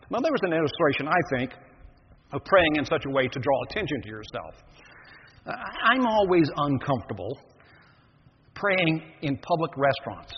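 An older man preaching a sermon as pastor, reading scripture then explaining it in a measured, earnest way. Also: fairly high pitch, a little hiss or hum. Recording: echoey dull lo-fi hall recording.

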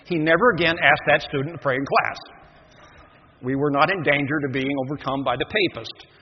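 Older guy preaching, measured and earnest, echoey church, kinda dull recording. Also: a little high, slightly rough. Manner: measured, earnest, reads scripture then explains. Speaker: pastor. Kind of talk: sermon.

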